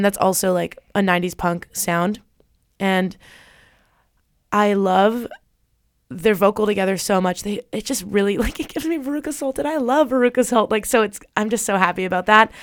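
Young woman radio host with a smooth voice. Casual, rambling music chat, close and dry. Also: medium pitch, no echo. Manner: rambling, many fillers and restarts.

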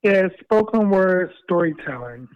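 Slow earnest man on a phone line. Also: high voice, lively intonation, smooth, dry recording. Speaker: poet and spoken word artist. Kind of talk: interview answers.

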